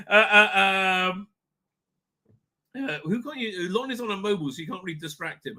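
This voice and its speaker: A man's voice: high-pitched, normal speed, pauses often, bright, forceful tone. A middle-aged man from England, hosting a casual livestream from his home office in a rambling, chatty way full of fillers and restarts. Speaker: livestream host.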